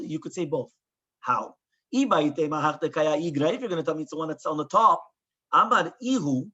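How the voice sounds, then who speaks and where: A man's voice: on the high side, bright, forceful tone, husky, muffled recording. A man teaching a Talmud class as a rabbi, explaining the text with lots of rhetorical questions and quoted Hebrew and Aramaic.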